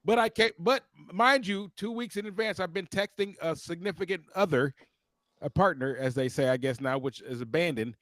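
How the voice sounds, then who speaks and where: On a casual podcast, a co-host with a fairly high male voice launches into a heated, expletive-filled rant while telling a story. His pace is normal and his delivery animated, captured in a dry, close recording.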